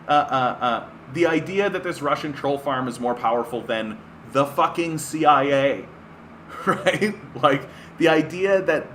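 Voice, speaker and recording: A man's voice: mid-range voice, fairly bright tone, slight background noise. A man from Canada streaming political commentary, reading an article aloud and breaking off into sarcastic, profane rants. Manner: sarcastic, profane, ranting, heavy use of "right?".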